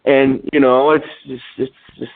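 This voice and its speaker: A man calling into a radio show, halting and rambling with many fillers. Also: medium pitch, little pitch movement. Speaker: caller. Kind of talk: prank call to a radio show. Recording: tinny phone line.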